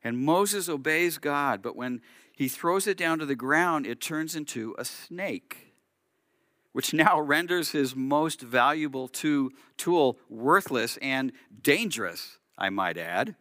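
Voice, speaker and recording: A male rabbi preaches a sermon, explaining as he tells the story and acting out its quotes. His voice is forceful and tense. The sound is close and dry. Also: a little high, animated, slow, dry recording.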